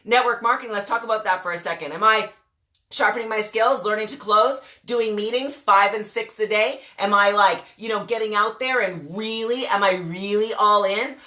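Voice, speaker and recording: A woman's voice: mid-range voice, moderate pace, bright, forceful tone. A woman in her forties, a network marketing coach, giving a blunt, mouthy motivational rant and asking "guess what?" again and again.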